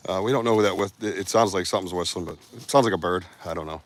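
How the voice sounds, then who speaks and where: A middle-aged man with a somewhat low voice hosts a live stream from the woods. He rambles in a loose, casual way and swears freely. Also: rapid-fire. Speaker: host of a live Bigfoot research show. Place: outdoors in the woods.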